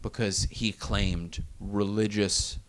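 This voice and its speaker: A man, a Navy veteran, telling a story with lots of laughter and acted-out shouting and whispering. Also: fairly low pitch, slow, clean tone. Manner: lively, acts out shouts and whispers, laughs often. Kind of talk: animated storytelling.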